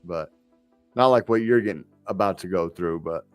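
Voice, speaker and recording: A man's voice: sits low, moderate pace, clean tone, dry recording, soft background music. A tired, yawning man co-hosting a casual crypto livestream, laid-back and full of fillers. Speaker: crypto show co-host.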